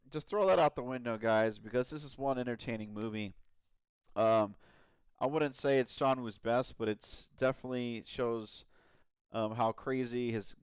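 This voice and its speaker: A man's voice: mid-range voice, clear, resonant tone, dry recording, lo-fi sound. A man chatting casually on a stream about films he has watched, rambling and enthusiastic with lots of fillers. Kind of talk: casual film review chat.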